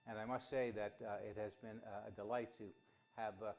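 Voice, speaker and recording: A man, a bishop, giving hesitant welcoming remarks at a press conference, with frequent restarts and pauses. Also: on the low side, flat delivery.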